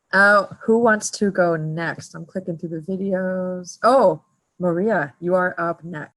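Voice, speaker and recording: A woman's voice: on the low side, measured pace, fairly bright tone, dry recording, rough recording. A woman hosting a virtual graduation reception, chatty and upbeat as she introduces each speaker over a video call. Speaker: event host.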